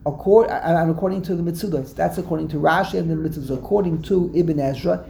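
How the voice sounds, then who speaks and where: Woman teaching a torah class, gravelly and kinda dark, repeats words a lot, lightly noisy room. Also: deep voice, fast. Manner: explanatory, repeats words, quotes verses with emphasis. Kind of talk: text study class.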